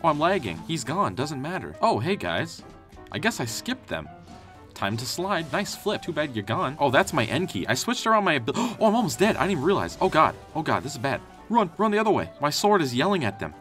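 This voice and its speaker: A young man giving excitable, jokey gameplay commentary and trash-talking enemies as he plays. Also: a little high, brisk. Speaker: gaming youtuber. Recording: faint game music behind.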